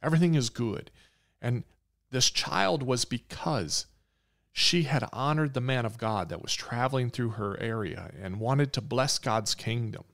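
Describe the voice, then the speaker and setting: A man's voice: medium pitch, a little slow, vocal fry, fairly bright tone. A man preaching a sermon, retelling a Bible story in an earnest, repetitive way.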